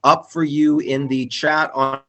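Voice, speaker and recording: A man's voice: fairly high pitch, flat delivery, unhurried, sharp tone. A man hosting a live-streamed reunion chat over a video call, upbeat and talkative, with many fillers and restarts. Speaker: host.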